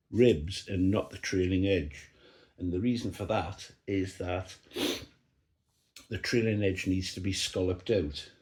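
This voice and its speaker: A man narrates his model building in an easygoing, thinking-aloud way. His voice sits on the lower side. The sound carries a roomy echo from the workshop around him. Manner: relaxed, thinking aloud while working, explaining as he goes. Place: hobby workshop bench.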